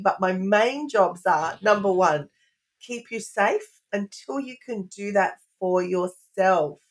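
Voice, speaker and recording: Earnest woman, parenting expert guest. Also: mid-range voice. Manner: earnest, speaks in lists and repetitions. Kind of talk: podcast interview.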